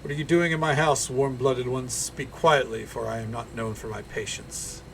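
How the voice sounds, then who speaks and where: A man voicing a menacing, impatient lizard shaman who talks in a slow, haughty, threatening way. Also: medium pitch, steady tone, gravelly, noisy background, lightly acted.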